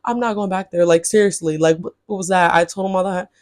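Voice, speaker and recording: A woman vlogger telling a story straight to her viewers, chatty and blunt, swearing freely and jumping into high exasperated outbursts. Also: steady tone, fast talker, a little mellow, no echo, studio quality. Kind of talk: casual storytelling to camera.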